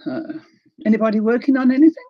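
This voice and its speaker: A woman's voice: a little high, fast talker, dry recording, dull audio. An older woman from New Zealand with a New Zealand accent, hosting a craft livestream in casual chat, greeting viewers by name and laughing often.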